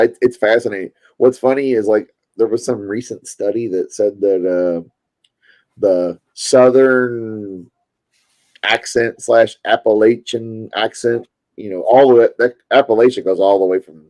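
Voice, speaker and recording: A man's voice: on the low side, a little slow, darkish tone, low-quality recording. A man talking casually on a livestream, swearing and laughing as he tells stories. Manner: swearing, laughing, loose storytelling.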